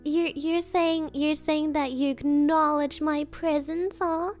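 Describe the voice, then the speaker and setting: A young woman streams and chats with her viewers in a high, girlish voice. She takes her time, drawing words out, and her tone is playful and teasing, often slipping into mock offense. Faint music plays quietly underneath. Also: fairly even intonation, slow pace. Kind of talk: casual chat with viewers.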